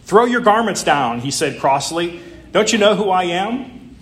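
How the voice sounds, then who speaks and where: A man's voice: on the high side, big pitch swings, moderate pace, roomy sound. A man voicing a proud, vain young male donkey who demands attention, read as a story within a sermon. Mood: indignant. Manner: indignant and demanding.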